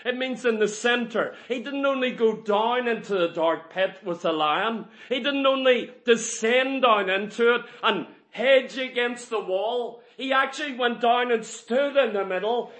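A man preaching a sermon to a congregation, emphatic and full of rhetorical questions, building to loud peaks. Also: very high-pitched, a little slow, few pauses.

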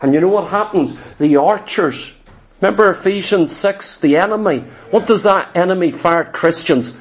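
A man with a high voice preaching a sermon. He retells a scripture story with drama, slipping into the voices of its characters, then presses the point home to his listeners with emphatic exhortation. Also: moderate pace. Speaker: pastor.

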